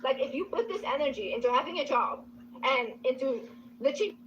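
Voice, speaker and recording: A woman's voice: sits high, animated, fast talker, a bit bright. A woman in a played clip, venting to her audience in a frustrated, swearing rant. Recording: dull clip audio with faint noise.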